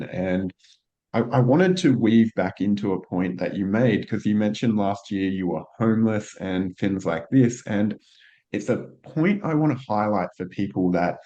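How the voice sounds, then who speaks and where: A man's voice: lowish voice, dark tone. A man hosting a podcast, reflecting aloud and building on his guest's points. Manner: reflective, thinks aloud with restarts and fillers. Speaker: podcast host. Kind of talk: casual interview talk. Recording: dull lo-fi audio.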